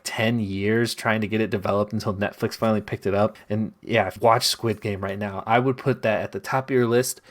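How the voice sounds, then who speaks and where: A man hosting a podcast, talking at length in a casual, chatty way with many fillers. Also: mid-range voice. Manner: talkative, recommends with filler words. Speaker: podcast host. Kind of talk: casual chat.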